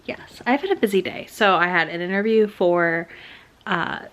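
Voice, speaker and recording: A woman's voice: on the low side, moderate pace, a bit bright. Chatty woman book vlogger. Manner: chatty and candid. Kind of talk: casual vlog chat.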